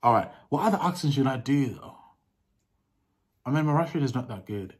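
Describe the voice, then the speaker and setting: A man's voice: mid-range voice, lively intonation, a little fast, darkish tone. A young man vlogging casually to camera, chatty and laughing, with street slang. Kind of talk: casual vlog talk to camera.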